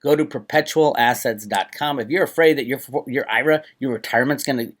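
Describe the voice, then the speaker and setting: A man's voice: medium pitch, fairly quick. A man hosting his own channel, delivering a heated, profane, sarcastic solo rant to his viewers. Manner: agitated, profane, sarcastic, ranting. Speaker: crypto commentator and channel host.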